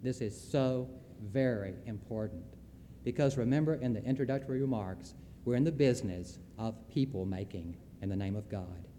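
A man's voice: mid-range voice, normal speed, dark tone, long reverb tail, a little hiss or hum. A Southern man giving a folksy, emphatic lecture on Christian leadership, with storytelling asides.

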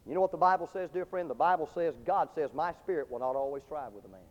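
A man preaching a sermon to a large crowd, telling a story with passion and dropping from shouts to hushed tones. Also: a little high, fast talker. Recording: dull lo-fi recording with long hall reverb.

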